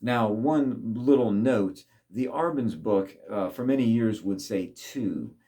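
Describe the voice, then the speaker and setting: A man's voice: lowish voice, takes it slowly, dark tone. A man teaching trumpet, patiently explaining and speaking tonguing syllables aloud for the viewer to repeat. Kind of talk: instructional talk to camera.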